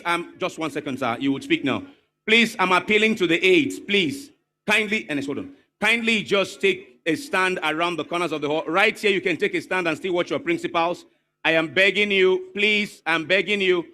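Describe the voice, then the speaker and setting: Bright-voiced Nigerian man emceeing. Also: sits high. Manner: courteous, repetitive welcomes and polite pleading. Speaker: master of ceremonies. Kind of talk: formal event announcing. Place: large crowded hall.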